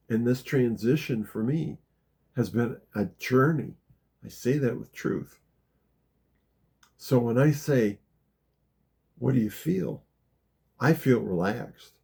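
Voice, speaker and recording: A man leading a gentle guided meditation talk, calm and unhurried, dropping very soft in the guided parts. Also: mid-range voice, vocal fry, breathy edge. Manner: slow, gentle, drops to a near whisper in the guided parts. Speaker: spiritual teacher guiding a practice.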